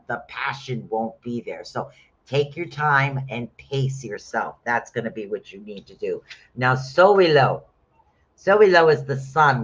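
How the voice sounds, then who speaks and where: A man's voice: medium pitch, fairly bright tone. Chatty middle-aged man reading runes. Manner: chatty, calls listeners honey. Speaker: rune reader. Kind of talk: casual live-stream reading. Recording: dull lo-fi sound.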